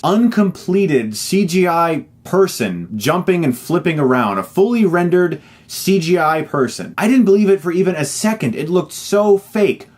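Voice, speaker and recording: A man reviewing a film with an emphatic, exasperated delivery. His speaking voice sits a little high for a man. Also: a little mellow. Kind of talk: online movie review.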